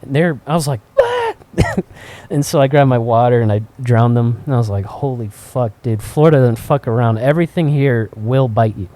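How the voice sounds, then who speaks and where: A man co-hosting a podcast, telling profane, animated anecdotes with frequent laughter in casual chat. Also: mid-range voice, brisk, hardly any pauses. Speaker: podcast co-host. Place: cigar shop.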